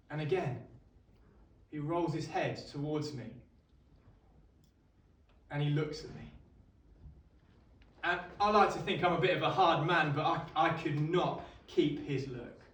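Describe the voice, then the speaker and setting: A man's voice: on the high side, fairly bright tone. A man playing a middle-aged Roman centurion, telling his story in a wry, conversational monologue to a live audience. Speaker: costumed actor at an exhibition. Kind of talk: first-person dramatic monologue to a live audience. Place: indoor exhibition hall. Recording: echoey hall, mic at a distance.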